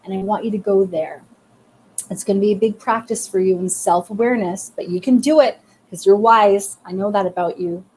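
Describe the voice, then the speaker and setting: A woman hosts a live psychic reading stream, speaking warmly and encouragingly straight to her viewers. Her mid-range voice moves a little fast, with a slight hiss or hum in the audio.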